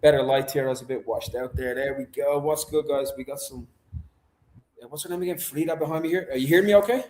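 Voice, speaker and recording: A man's voice: mid-range voice, quick pace, a little mellow. A young man, a guest on a video-call stream, talking in a rambling, chatty, self-deprecating way. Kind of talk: casual livestream chat. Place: indoor room. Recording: echoey room over video call.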